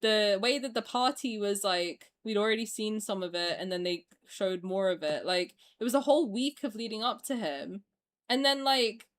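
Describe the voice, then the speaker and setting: A woman's voice: mid-range voice, moderate pace. A young woman streamer ranting in a heated, profane, exasperated way during a casual reaction video.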